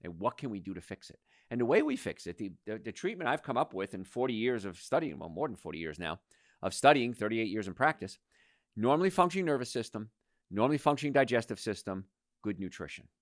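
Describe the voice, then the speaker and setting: A man in his sixties hosting a radio health talk show, emphatic and animated, rattling off lists. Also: lowish voice, quick pace, dry recording, studio quality.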